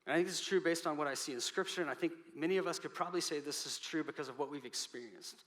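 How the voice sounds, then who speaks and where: A pastor preaching a sermon, earnest, building up and then dropping to a soft voice. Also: male voice, on the high side, quick pace. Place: church sanctuary. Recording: reverberant hall.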